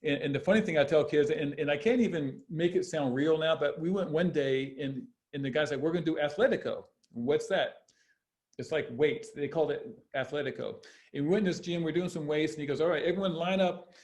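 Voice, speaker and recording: A man's voice: fairly high pitch, brisk, a little mellow. A man in his fifties, a former basketball player, telling stories on a podcast in a rambling way, with many restarts and laughs. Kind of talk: casual storytelling interview.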